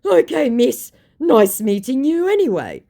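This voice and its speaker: A woman voicing an indignant young male scammer posing as a celebrity, in a mocking, high sing-song voice. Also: sing-song, a little slow, gravelly, dark tone, heavily acted. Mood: pleading.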